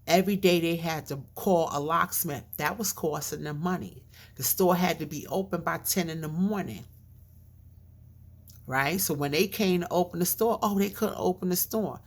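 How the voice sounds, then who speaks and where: A woman's voice: on the low side, normal speed. A woman vlogger telling a casual story with lots of fillers and asides, her speech a bit mushy from a chain in her mouth.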